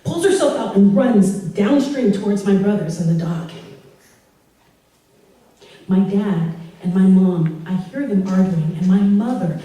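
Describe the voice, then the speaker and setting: A woman telling a personal story live on stage, animated and laughing through it. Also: medium pitch, measured pace. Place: live storytelling event in a hall. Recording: echoey hall, voice from far off.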